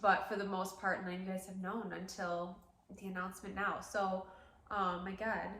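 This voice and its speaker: A woman's voice: medium pitch, little pitch movement, moderate pace, fairly bright tone, a little hiss or hum. A woman in her thirties who owns a salon, chatting casually and emotionally to camera, tearing up, with lots of fillers. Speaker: salon owner. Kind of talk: casual vlog chat to camera. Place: salon interior. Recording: roomy echo.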